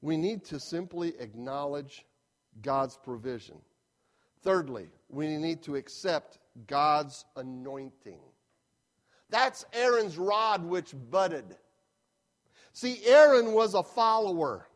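A man's voice: fairly high pitch, big pitch swings, slow. A middle-aged man preaching a sermon as a pastor, stressing points with emphatic repetition.

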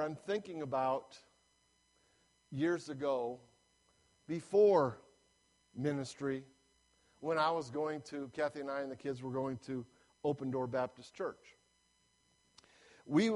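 Animated storytelling pastor, man. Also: fairly high pitch. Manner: animated storyteller, acting out voices of people in his story. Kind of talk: sermon storytelling.

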